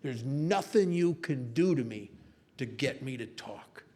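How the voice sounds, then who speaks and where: A man voicing a tough male spy who sneers at his captors with gruff bravado while telling a story. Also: medium pitch, animated, a little slow, darkish tone, voice pushed down. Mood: defiant. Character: tough, defiant male spy under torture.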